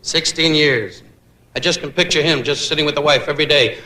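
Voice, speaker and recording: A man doing rapid-fire insult comedy at a roast, mimicking voices. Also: fairly high pitch. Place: banquet hall stage. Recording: old roast broadcast, roomy, loud noise.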